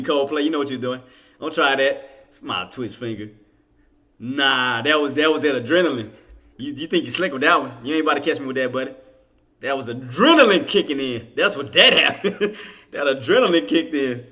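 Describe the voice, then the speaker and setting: A man streaming live day-trading commentary, talking casually with slang, laughing and teasing his viewers, then dropping to a low mutter while he places orders. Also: expressive, moderate pace, pushed and bright.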